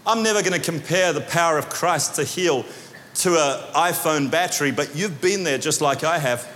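A man from New Zealand with a New Zealand accent preaches with a high voice. He acts out voices and swings between loud shouts and quiet asides. His voice rings with a long reverb from the church hall. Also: moderate pace. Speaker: pastor. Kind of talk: sermon.

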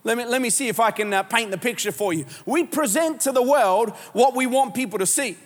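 A man preaching a live sermon as pastor, telling stories in an animated, joking way with many restarts. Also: extremely high pitch, a little fast. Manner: animated, jokey storytelling with lots of restarts. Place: large church auditorium. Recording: long hall reverb.

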